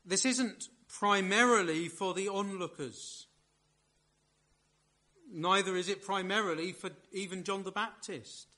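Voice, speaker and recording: A male preacher delivers a sermon at an unhurried pace, his voice sitting high and sounding bright and forceful. He is measured and emphatic, pressing hard on the words that matter.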